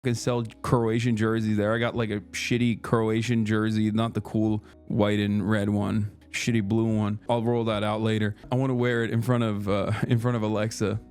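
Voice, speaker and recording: A man livestreaming in casual chat, telling stories in a profane, animated way with lots of fillers. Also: on the low side, moderate pace, hardly any pauses, clean tone, soft background music.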